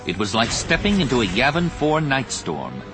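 A man narrating an audiobook in an expressive, measured storytelling voice, with music underneath. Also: mid-range voice. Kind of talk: scripted narration.

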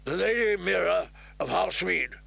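A man voicing a rotund guardsman who loudly announces guests at a feast. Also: sits high, lively intonation, normal speed, creaky, slightly rough, no room sound, pitched above the performer's own voice, heavily acted. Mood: announcing. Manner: loud announcing call.

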